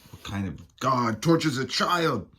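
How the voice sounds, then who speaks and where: A man's voice: medium pitch, expressive, a little slow, pushed and bright, breathy edge, full character voice. Man reading as a stern sorceress hero. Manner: stern, threatening. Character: determined adult female sorceress hero. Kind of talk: reading comic dialogue aloud.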